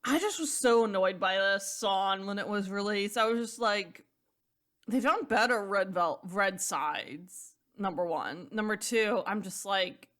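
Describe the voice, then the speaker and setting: A woman's voice: medium pitch, unhurried, fairly bright tone. A woman co-hosting a podcast in casual chat, blunt and exasperated, swearing freely. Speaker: podcast co-host.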